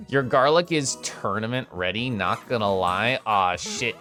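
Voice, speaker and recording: A young adult livestreamer with a medium-pitched voice talks slowly over faint background music while showing off fan art. The chat is casual, playful and excitable, with occasional swearing and little growly noises.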